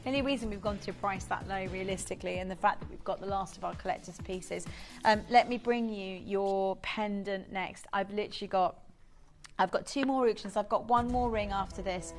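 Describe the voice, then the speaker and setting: A woman presenting a live jewellery auction on a shopping channel, gushing over the stones in rapid sales patter and reeling off bidders' names. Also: medium pitch, soft background music. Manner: reels off bidder names and congratulations.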